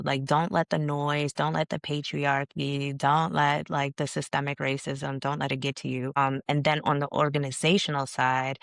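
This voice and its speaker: A woman's voice: low-pitched, clean tone, dry recording, studio quality. A woman guest on a podcast, telling her story in a frank, casual way with slang and some swearing. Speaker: podcast guest, founder of a leadership organization. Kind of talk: candid conversational storytelling.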